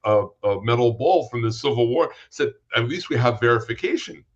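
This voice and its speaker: A man's voice: mid-range voice, expressive, fairly quick, highs cut off. A man, a psychic guest in a casual interview, telling anecdotes and acting out the people in them. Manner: storytelling, acts out quoted dialogue.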